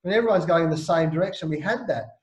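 A man from Australia, a former cricketer, telling a lively, emphatic anecdote as a podcast guest. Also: fairly high pitch, fast. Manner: lively, emphatic storyteller, slangy. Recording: roomy echo.

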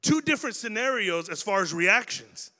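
A man with a high, bright voice delivers a sermon to young people. He is animated and acts out everyday scenes as he talks. His voice rings through a long-reverb hall. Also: normal speed. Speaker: preacher.

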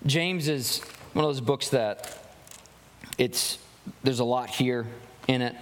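There's a little hiss or hum beneath this slow, mid-range voice of a young pastor preaching in a church sanctuary with long hall reverb. Earnest throughout, he leans on rhetorical questions and often begins his phrases again.

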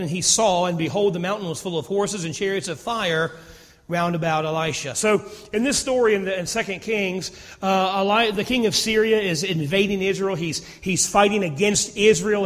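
A man's voice: high-pitched, fairly bright tone. A man preaching a sermon as pastor, reading scripture and then retelling it in casual modern terms. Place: church sanctuary. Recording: long reverb of a church hall.

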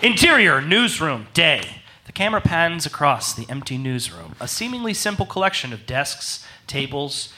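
A man's voice: a little high, sing-song, normal speed, pushed and bright, a little hiss or hum. A man reading the narration and stage directions of his own comedy script in a playful, mock-dramatic way. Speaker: writer and narrator.

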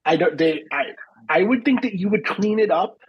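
A man in his thirties, a podcast co-host, telling a story in casual chat, profane and animated, acting out the dialogue. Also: sits high, moderate pace, slightly rough, dry recording, muffled recording.

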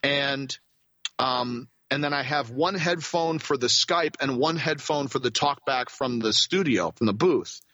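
A man who works as a voice actor, telling a rambling, animated story as a guest in a casual interview. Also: medium pitch, unhurried, no room sound, muffled recording.

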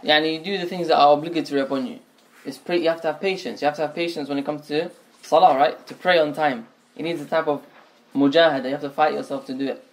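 A man's voice: on the high side, steady tone, fast talker. A man teaching a religious lesson, explaining points step by step, often restating phrases and mixing in Arabic terms. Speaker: Islamic teacher.

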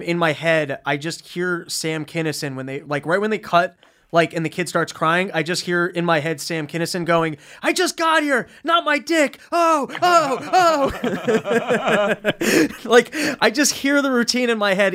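A man's voice: a little high, fairly bright tone. A man hosting a radio show, joking and teasing a caller in casual comedic banter. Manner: teasing, joking, quick interjections.

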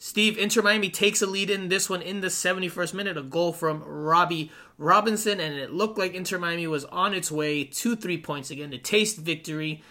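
Male podcast co-host, bright and slightly high voice, upbeat and jokey, casual sports talk. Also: normal speed, few pauses. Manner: upbeat, jokey, laughs often.

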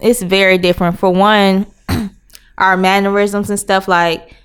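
Smooth-voiced young woman guest. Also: mid-range voice, unhurried. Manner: candid, animated storyteller. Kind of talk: casual chat.

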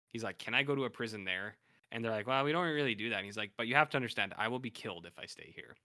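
A man's voice: medium pitch, sharp tone, no room sound, clean studio sound. A man co-hosting a podcast in casual chat, animatedly retelling episodes and acting out what characters say. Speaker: podcast co-host.

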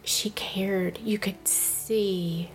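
A woman's voice: mid-range voice, fairly even intonation, extremely slow, faint music behind. A woman, a mother and podcast guest, talking earnestly about faith and parenting and laughing at herself. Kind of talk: casual faith-based podcast chat.

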